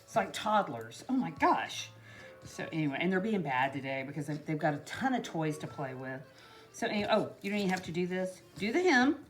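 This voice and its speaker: A woman's voice: low-pitched, lively intonation, a little fast, soft background music. A woman chatting casually and rambling through a home DIY tutorial, full of asides to her viewers. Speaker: craft vlogger. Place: home kitchen.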